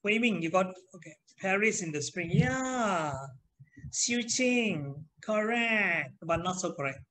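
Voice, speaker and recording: A man's voice: sits high, expressive, takes it slowly, sharp tone, poor audio. A middle-aged man, teaching an online class in a chatty manner and putting questions to his students. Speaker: trainer.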